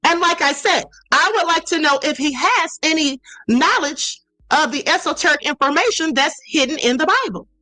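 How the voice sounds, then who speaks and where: A woman's voice: sits high, normal speed, few pauses, pushed and bright, no echo, rough recording. A woman hosting a livestream, commenting emphatically and answering her chat with sass. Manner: sassy, emphatic, addresses chat directly. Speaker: livestream host.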